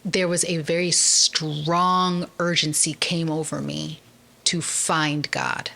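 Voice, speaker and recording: Bright-voiced woman telling her story. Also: sits low, slow, gravelly. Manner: earnest, lively, with frequent "um" and "like". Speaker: podcast guest. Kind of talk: candid personal storytelling in a conversation.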